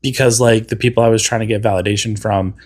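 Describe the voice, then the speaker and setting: A man's voice: on the low side, quick pace. Jokey man guest in casual chat. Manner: animated, jokey, trails off mid-sentence. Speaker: guest, café owner.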